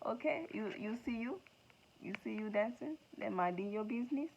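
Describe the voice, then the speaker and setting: A woman giving a casual tarot reading to her viewers, slangy, profane and excitable, laughing often. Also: low-pitched, slow pace, vocal fry. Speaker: tarot reader. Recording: dull lo-fi sound with faint noise.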